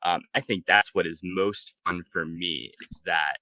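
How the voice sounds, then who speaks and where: A man co-hosting a casual podcast chat, talking in a relaxed, laid-back way with many fillers. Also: low-pitched, measured pace, no echo, rough recording. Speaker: podcast co-host.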